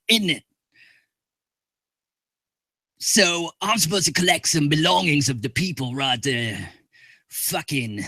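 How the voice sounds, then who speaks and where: A man voicing a sly disguised rogue with a put-on rough accent, cocky and swearing. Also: a little high, bright, forceful tone, no echo, clean studio sound, exaggerated voice.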